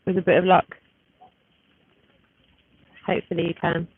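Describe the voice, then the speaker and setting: A woman's voice: on the low side, flat delivery, moderate pace, slightly rough. Chatty woman on a tinny phone stream. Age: 30s. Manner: chatty, rambling, often breaking off to fiddle with the phone. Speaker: livestreamer. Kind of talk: casual live-stream chat. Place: outdoors at a street gathering. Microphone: phone camera. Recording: tinny phone-like audio with faint noise.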